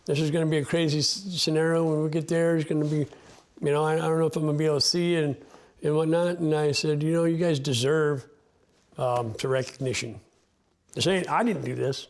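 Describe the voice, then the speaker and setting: Talking candidly in an interview, a man who mushes sled dogs speaks about them earnestly and from the heart, frequently starting his sentences over. His voice sits a little high, with a darkish tone.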